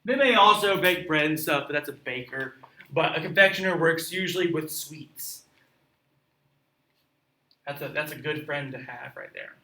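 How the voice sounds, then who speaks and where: A man's voice: a little high, lively intonation, normal speed, long pauses, sharp tone. Chatty man teaching from a story, echoey room. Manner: chatty, asks the listeners questions. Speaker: teacher reading and explaining a story. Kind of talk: classroom read-aloud with commentary. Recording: roomy echo, mic at a distance.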